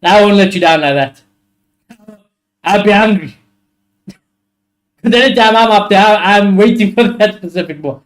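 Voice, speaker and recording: Young man, high voice, excitable live football reactions, swears a lot, watchalong host. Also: unhurried, long pauses. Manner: excitable, swears freely, reacts loudly to play.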